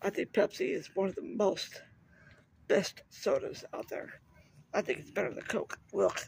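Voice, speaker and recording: A man with a high, gravelly voice rambles to his viewers in a casual walking vlog. He is outdoors on a neighborhood street, filmed on a handheld phone. Clear background noise runs through the outdoor recording. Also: animated, normal speed, low-quality recording. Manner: rambling, chatty, talks straight to viewers. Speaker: vlogger. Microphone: phone camera held while walking.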